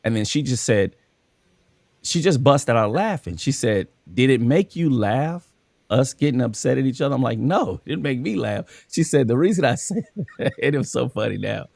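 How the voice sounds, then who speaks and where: A man's voice: mid-range voice, animated, normal speed, vocal fry, a little mellow, no echo. A man hosting a casual conversation, telling stories from his work as a coach and acting out the dialogue. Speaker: podcast host and school coach.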